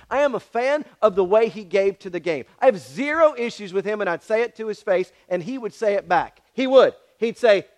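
A man's voice: high-pitched, a bit bright. A pastor preaching a sermon, speaking directly and challenging his congregation with repeated questions.

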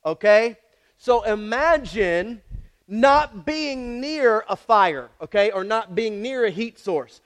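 A man preaching a sermon dramatically, repeating lines for emphasis and turning to the congregation with asides. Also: very high-pitched. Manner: dramatic, swings from shouts to near whispers.

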